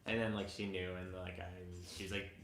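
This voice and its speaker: Halting young man in an echoey room. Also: low voice, flat delivery, a bit bright. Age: 20s. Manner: halting, self-interrupting storyteller. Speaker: vlogger, co-host. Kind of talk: casual storytelling chat.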